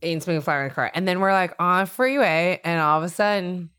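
A woman guest telling a story in casual chat, animated and laughing often. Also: lowish voice, fast, clean tone.

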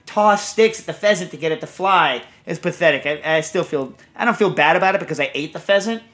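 A man's voice: fairly high pitch, expressive, fast talker, fairly bright tone. A man hosting a podcast in casual chat, telling loose, rambling stories and answering listener questions. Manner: rambling, storytelling, loose and chatty. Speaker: podcast host.

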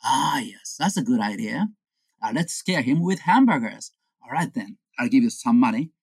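A woman's voice: expressive, a little mellow, husky, dry recording, exaggerated voice. A woman voicing scheming young male friends who plot a prank. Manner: conspiratorial, low and deliberate. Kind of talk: comic storytelling.

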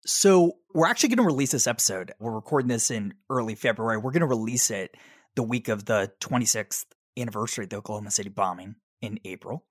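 A man's voice: on the low side, animated, quick pace, dry recording. A man hosts a podcast and asks his guest friendly, engaged questions. His intonation moves a lot, his voice carries some huskiness, and the sound is dry and close. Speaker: podcast host. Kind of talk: conversational interview.

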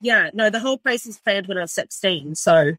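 A woman's voice: medium pitch, expressive, brisk, a bit bright, no room sound. A middle-aged woman chef from New Zealand with a New Zealand accent, talking in a casual, rambling way with lots of swearing and fillers. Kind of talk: casual interview.

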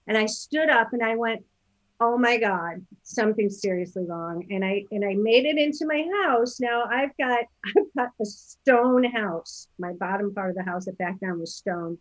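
A woman's voice: a little high, moderate pace, dry recording, poor audio. A woman in her fifties telling stories as a podcast guest, rambling with many fillers and restarts. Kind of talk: casual storytelling interview.

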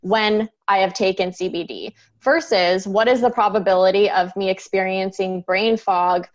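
A woman's voice: medium pitch, steady tone, moderate pace, dull audio. Earnest woman behavior analyst explaining. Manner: earnest, explanatory, laughs lightly. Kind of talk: interview conversation.

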